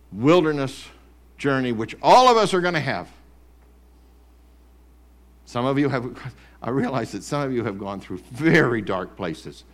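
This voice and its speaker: A man preaches from a church stage mic, his pitch swinging widely as he builds. He drops to quiet, low lines, then rises loud and high, acting out an accuser's taunts. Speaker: pastor. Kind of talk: sermon. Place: church sanctuary.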